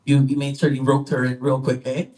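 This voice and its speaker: A woman's voice: very deep voice, flat delivery, fairly quick, warm tone, distant mic, a little hiss or hum. A woman hosting a comedy club night, doing playful crowd work and laughing often as she teases the audience. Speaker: comedy show emcee.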